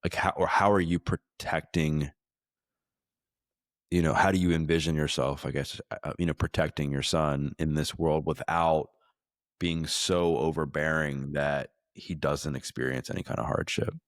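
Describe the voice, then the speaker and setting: A man's voice: very deep voice, steady tone, moderate pace, no room sound, clean studio sound. A man hosting a podcast, asking questions in a searching way, with many fillers. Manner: searching, filler-heavy phrasing. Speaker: podcast host. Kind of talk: interview questions.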